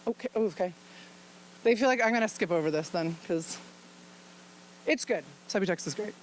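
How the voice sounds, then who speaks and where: A woman's voice: mid-range voice, expressive, normal speed, slight background noise, rough recording. A woman physician giving an informal talk to an audience. She speaks frankly and chattily and laughs often as she explains things. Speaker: physician presenting at a luncheon.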